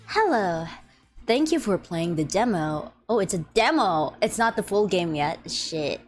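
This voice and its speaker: A young woman streaming a game, chatting playfully, giggling often and reading game text aloud, her voice a little deep from just waking up. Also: lively intonation, a little slow. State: slightly deep morning voice. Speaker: VTuber streamer. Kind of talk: casual live-stream chat. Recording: faint music behind.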